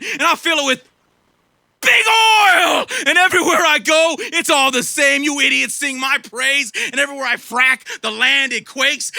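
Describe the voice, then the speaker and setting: A man's voice: sits high, creaky, no room sound, pitched above the performer's own voice, full character voice. A man performing a boastful, greedy billionaire tycoon in a satirical spoken word poem, pompous and ranting. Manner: pompous, ranting, building to shouts.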